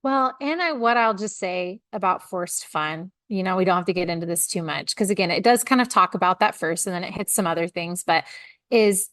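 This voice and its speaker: A woman's voice: lowish voice, fairly quick, fairly bright tone, dry recording. Chatty woman podcast co-host, dry sound. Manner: chatty, laughs often, lots of "like" fillers. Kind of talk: casual podcast discussion.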